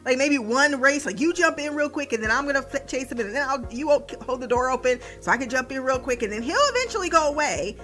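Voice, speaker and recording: A woman's voice: high voice, fast, few pauses, fairly bright tone, faint music behind. A young woman recapping a TV episode in casual podcast chat, laughing often, swearing and mimicking the characters.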